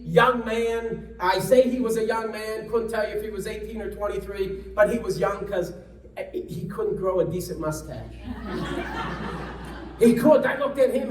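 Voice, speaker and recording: A man's voice: high-pitched, roomy sound, recorded from a distance, low-quality recording. A man giving a storytelling speech at a luncheon, acting out the people he quotes, with frequent restarts. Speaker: congressman giving a guest talk. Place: luncheon event room, indoors.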